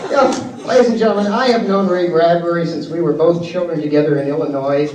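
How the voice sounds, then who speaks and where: High-voiced wisecracking emcee, distant and echoey, taped from the crowd with heavy hiss. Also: male voice, fairly even intonation, highs cut off. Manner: rapid, wisecracking storyteller. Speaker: emcee introducing the speaker. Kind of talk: comic roast introduction. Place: conference hall stage with PA. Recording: echoey hall taped from the audience on cassette, loud hiss.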